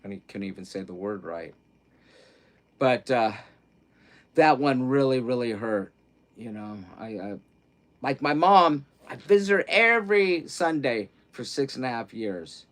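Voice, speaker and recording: A man's voice: medium pitch, a little slow. Rambling middle-aged man on a livestream. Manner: rambling and candid, swinging between hushed grief and loud excitement; self-interrupting, repeats words. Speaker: livestream host. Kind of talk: casual livestream chat.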